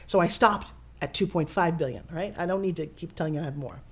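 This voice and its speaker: Woman in her fifties, excitable TV host, studio tour, showy, chatty to camera. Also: low-pitched, quick pace. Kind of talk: casual walking tour talk. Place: her own studio and offices, indoors.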